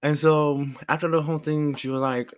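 A young man casually telling a personal story, animated and rambling, swearing freely and laughing as he goes. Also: a little high, moderate pace, clear, resonant tone. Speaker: storyteller vlogger.

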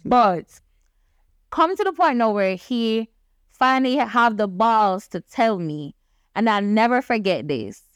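A woman's voice: a little high, measured pace, clear, resonant tone, no echo, studio quality. A young woman, telling a candid story on a podcast and acting out the dialogue. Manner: animated, acts out quoted dialogue.

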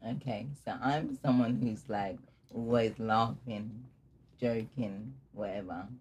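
A young man telling a personal story in casual conversation, candid and laughing through dark memories. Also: fairly low pitch, steady tone, slow pace, breathy edge. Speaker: guest telling his story.

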